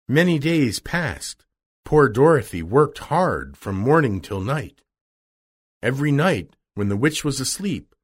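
A man narrating a children's storybook in a slow, expressive read-aloud manner. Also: mid-range voice, husky. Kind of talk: storybook reading.

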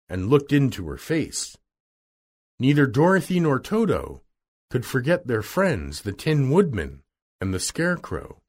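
Guy reading a kids storybook out loud, slow and swoopy, bit husky. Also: mid-range voice. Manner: slow, expressive read-aloud delivery. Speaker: narrator.

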